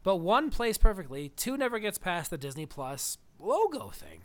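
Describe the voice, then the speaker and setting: A man co-hosting a podcast in relaxed film chat. He rambles and drifts into tangents, laughing easily. His voice sits somewhat high for a man. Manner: rambling, digressive, quick to laugh. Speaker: podcast co-host.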